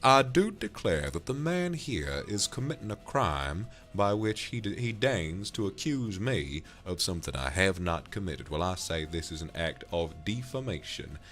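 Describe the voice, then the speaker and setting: A man's voice: low-pitched, big pitch swings, normal speed, few pauses, fairly bright tone, faint music behind, pitched above the performer's own voice. A man putting on a drawling Texan cowboy. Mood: flirtatious. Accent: put-on Texan. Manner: drawling, sweet-talking, calls everyone darling. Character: flirtatious smooth-talking Texan cowboy man. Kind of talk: character voice on a livestream.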